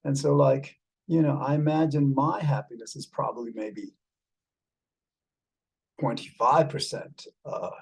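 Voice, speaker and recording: Gravelly man with a put-on British accent. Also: medium pitch, a little slow, pauses often, poor audio. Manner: rambling, many fillers, calls the listener mate. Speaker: show host talking with an AI companion. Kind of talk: casual chat. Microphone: video call.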